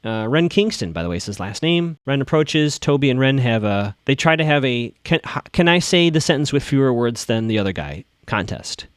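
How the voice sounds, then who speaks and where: A man with a middle-range voice casually recapping a TV drama episode for his podcast. He rattles through scenes, quotes the characters in a flat voice and builds his own theories. The sound is dry and close, with no room echo. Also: medium pitch, a little fast, hardly any pauses, smooth.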